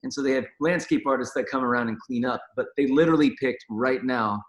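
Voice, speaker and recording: A man's voice: mid-range voice, quick pace, reverberant. A man from California, a guest on a dance talk show, chatting in a rambling, friendly way over a video call. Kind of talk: casual video-call chat.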